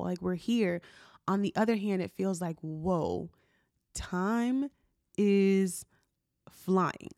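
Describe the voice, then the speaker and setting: A woman's voice: lowish voice, darkish tone, no echo, studio quality. A woman hosting her own podcast in a casual, heartfelt solo talk, full of "like" and "you know". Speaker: podcast host.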